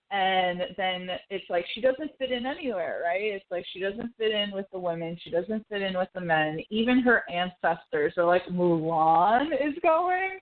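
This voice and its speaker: A woman co-hosting a podcast, chatting casually and emotionally, with lots of fillers and acted-out quotes. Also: mid-range voice. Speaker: podcast co-host. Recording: tinny phone-like audio.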